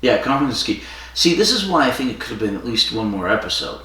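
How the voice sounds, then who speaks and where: A man's voice: mid-range voice, very animated, fast, bright, forceful tone. A man co-hosting a podcast, casually retelling a story with fillers and quoted lines. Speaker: podcast co-host. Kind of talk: casual chat. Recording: echoey room from far off.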